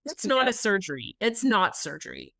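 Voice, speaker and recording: A woman's voice: mid-range voice, sing-song, moderate pace, gravelly, bright, forceful tone, no echo, clean studio sound. A female podcast co-host chatting casually, teasing and cutting in with incredulous remarks. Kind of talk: casual chat.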